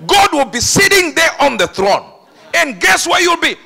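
Preacher, male, high and very lively, bright tone, laughs and shouts through the sermon. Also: normal speed, vocal fry. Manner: animated, laughing, bursts into shouts. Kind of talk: energetic sermon.

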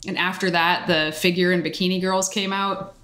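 Chatty woman podcast co-host, lowish voice. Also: steady tone, normal speed, a bit bright. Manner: chatty, tangent-prone storyteller. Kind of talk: casual podcast chat.

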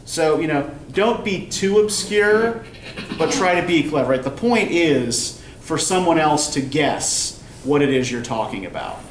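Slightly high and expressive, a male college English instructor delivers a classroom lecture a little slowly, explaining patiently and often asking "right?" The recorder is placed at a distance, giving a roomy sound with faint background noise.

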